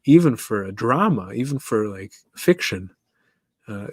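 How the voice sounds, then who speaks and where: A man's voice: lowish voice, lively intonation, measured pace, breathy edge, no echo, clean studio sound. A man hosting his own podcast, talking alone in a loose, musing way, laughing often and putting questions to his listeners. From East Africa. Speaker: podcast host. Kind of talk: casual solo monologue.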